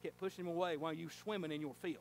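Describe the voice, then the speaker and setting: A male pastor preaching a sermon in a church, telling a folksy story and rising to fervent shouting. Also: a little high, fairly even intonation, very fast, slight background noise. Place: church sanctuary.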